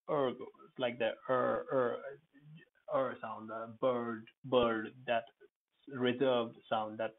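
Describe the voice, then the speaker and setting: Husky man teaching pronunciation, tinny sound. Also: medium pitch. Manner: repeats words slowly, spells out letters. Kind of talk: pronunciation lesson.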